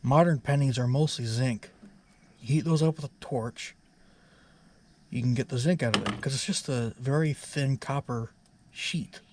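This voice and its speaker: A man narrating his own truck repairs in a relaxed, rambling way with many fillers. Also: mid-range voice, moderate pace, slight background noise. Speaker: DIY truck repair vlogger. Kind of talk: casual workshop narration.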